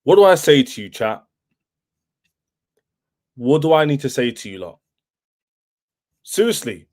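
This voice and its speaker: A man's voice: medium pitch, very animated, measured pace, pauses often, darkish tone. A young man hosting a football fan livestream, boastful and taunting, repeating himself as he rants. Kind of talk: livestream rant.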